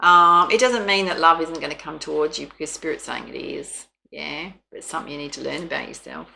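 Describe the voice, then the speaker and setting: A woman's voice: deep voice, a little fast, gravelly, background noise. An Australian woman giving a chatty, soothing tarot reading, with frequent laughs. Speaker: tarot reader.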